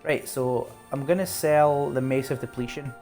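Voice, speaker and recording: A Scottish man from Glasgow talks easily to his viewers while playing. He asks them questions, laughs often and wanders from topic to topic. Quiet game music plays behind him. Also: mid-range voice, moderate pace. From Scotland, Glasgow. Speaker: streamer. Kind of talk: casual chat while playing a game live.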